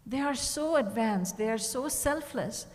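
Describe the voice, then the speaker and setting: This woman's voice sits a little high, with lively intonation, a measured pace and a darkish tone, and a long reverb tail hangs after it. She's a spiritual teacher in a retreat hall, giving a devotional talk by narrating stories and voicing the characters with changes in tone.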